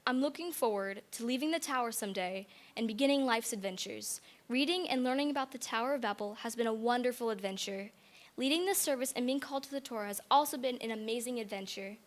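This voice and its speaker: A woman's voice: a little high, fast. A teenage girl giving a nervous, giggly thank-you speech at her bat mitzvah in a synagogue, holding back tears. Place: synagogue sanctuary.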